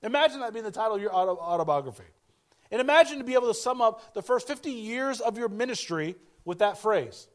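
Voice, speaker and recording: A man with a high voice delivers a sermon to his congregation. He talks in a conversational way, repeats his key lines and acts out the voices of people he quotes. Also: lively intonation, fast talker. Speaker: pastor.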